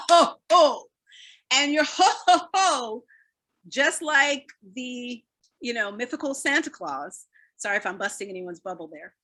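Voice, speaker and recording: A woman presenter with a high, bright voice leads a wellness workshop. She talks in an upbeat, encouraging way and breaks into laughter often. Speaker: fitness speaker leading a wellness talk. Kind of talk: live online wellness workshop.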